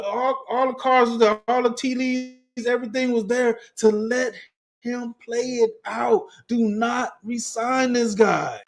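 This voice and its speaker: A man with a fairly high voice hosts a casual fan livestream, reading chat comments aloud. He rants in heavy slang and profanity, stumbles over his words and laughs often. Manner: profane, animated, laughs often, restarts a lot; heavy slang, talks straight to viewers. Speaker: sports fan livestream host.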